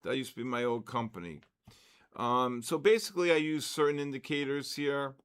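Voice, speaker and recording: A man's voice: mid-range voice, normal speed, clear, resonant tone. A man in his sixties hosting a live trading session, chatting with viewers by name and explaining his method in a loose, conversational way. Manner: chatty, talks to chat viewers by name, repeats "okay" and "so basically"; plainly exasperated by rude comments, rising and complaining. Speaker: trading livestream host.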